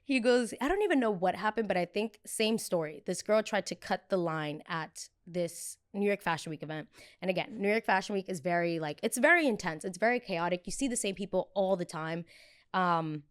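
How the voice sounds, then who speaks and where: Animated young woman podcast host. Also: fairly low pitch, brisk. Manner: animated, reenacts arguments, swears freely. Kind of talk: casual storytelling.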